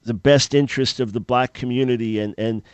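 A man hosting a call-in radio talk show, speaking in an earnest, measured way. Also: medium pitch, steady tone, no room sound. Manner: earnest, measured, thinking aloud.

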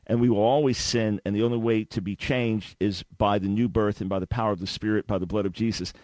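A man hosting a radio debate with a caller, talking fast and often restarting his words as he jumps in. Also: lowish voice, steady tone, a little mellow, no echo. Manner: interjecting, repeats words when starting a thought. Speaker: radio show host.

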